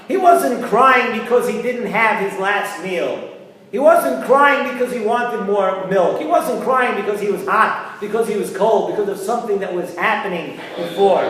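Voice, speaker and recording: A man's voice: high-pitched, fairly bright tone. A man giving an earnest sermon, asking rhetorical questions and weaving in Hebrew terms. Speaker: rabbi giving a weekly Torah talk. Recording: echoey room with long reverb.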